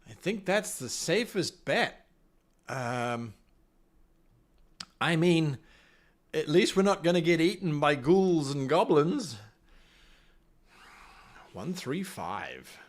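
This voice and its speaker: A man's voice: on the high side, very animated, takes it slowly, long pauses. A man acting as game master, reading a solo adventure gamebook aloud and chatting with his live viewers, thinking aloud with playful asides.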